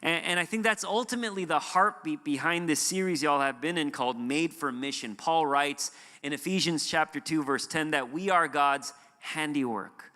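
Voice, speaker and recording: A man's voice: on the high side, sharp tone. A man from the United States, a guest pastor, giving a sermon in a chatty storytelling way with many fillers. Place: church sanctuary. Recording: hall reverb.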